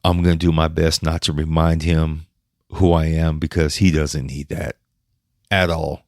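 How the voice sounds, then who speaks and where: A man with a very deep, low voice that stays flat and level, sounding dry and close with no room around it. He talks as a podcast host sharing a personal story, halting and emotional, stopping and restarting and swearing now and then. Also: dry recording.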